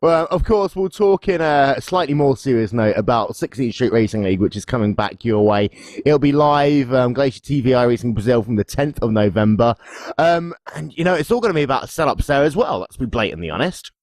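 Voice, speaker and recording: A man's voice: medium pitch, expressive, brisk, darkish tone, no room sound. A man co-hosting a podcast preview, chatting casually, joking and rambling. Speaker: podcast co-host. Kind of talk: casual promo chat.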